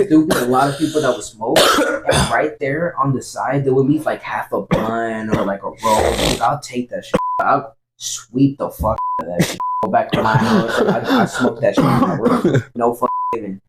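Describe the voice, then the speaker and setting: A man's voice: mid-range voice, expressive, normal speed, heavy background noise. A young man telling a story in a casual, rambling way, swearing a lot and repeating himself. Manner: rambling, profane, repeats "I was like". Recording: echoey room.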